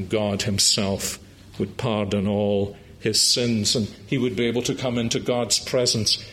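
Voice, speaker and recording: A man preaching a sermon, slow and emphatic, with dramatic pauses and high, excited climaxes.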